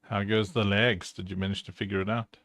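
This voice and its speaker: A man's voice: lowish voice, little pitch movement, brisk, fairly bright tone, no echo, studio quality. A man hosting a livestream, chatting casually in a rambling, joking way with lots of fillers. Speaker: livestream host.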